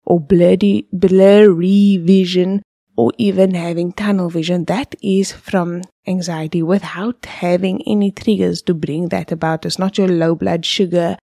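A woman's voice: on the low side, fairly even intonation, moderate pace, vocal fry, few pauses, mellow, no echo, studio quality. A woman, hosting a podcast and explaining things step by step with vivid examples, sometimes dropping to a whisper. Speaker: podcast host.

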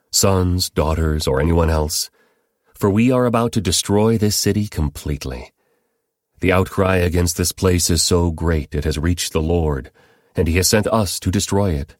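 A man reads the lines of a stern heavenly messenger giving firm, urgent orders. The voice is deep and low, dry and near the mic. Every command comes plain and direct. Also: unhurried, darkish tone, no room sound. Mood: stern urgency.

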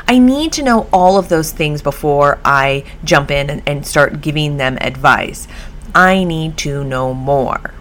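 A woman's voice: low-pitched, a little slow. A woman hosting her own podcast on dog behavior from home, talking in a chatty, storytelling way. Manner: chatty, animated storytelling with laughs. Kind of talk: casual solo podcast.

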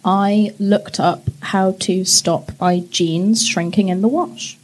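A woman's voice: medium pitch, steady tone, slow pace, a little mellow, rough recording. A woman co-hosting a casual chat podcast with dry, wry remarks. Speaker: podcast co-host.

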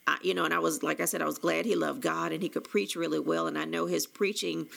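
A woman's voice: low-pitched, steady tone, fast talker, gravelly, a bit bright. A woman candidly telling a personal story, rambling with restarts and quoting conversations as she goes. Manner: candid, rambling with many restarts and quoted dialogue. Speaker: author telling her own story.

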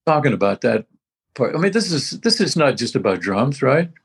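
Gravelly older man reminiscing. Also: medium pitch, big pitch swings, normal speed. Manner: rambling, reminiscing, many restarts. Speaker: veteran musician. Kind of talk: casual conversation.

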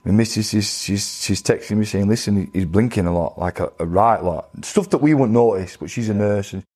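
A man's voice: fairly low pitch, brisk, darkish tone. A former boxer, telling his stories bluntly in a casual interview. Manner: blunt, plain-spoken, acts out quoted voices. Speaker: retired boxer guest.

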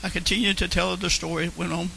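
A man shares his personal testimony with an earnest, storytelling delivery. His voice sits high and sounds strikingly bright and sharp, and he repeats phrases for emphasis. A faint hiss runs under the recording. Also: little pitch movement, quick pace, vocal fry, low-quality recording. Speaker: Christian testimony speaker.

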